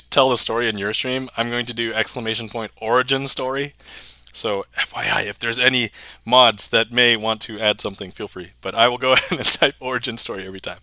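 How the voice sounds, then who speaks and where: A young male streamer with a bright, forceful voice chats casually with his viewers, laughing often as he replies to chat. His voice sounds dry and close, with no room echo. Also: mid-range voice. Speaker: magic livestreamer.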